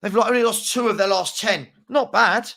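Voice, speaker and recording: A young man chats through a morning football livestream, reading viewer comments aloud. His voice sits slightly high and rings bright and forward. He rambles, stacks up repeated words, and jumps between topics. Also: moderate pace, gravelly. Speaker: host of a daily football livestream.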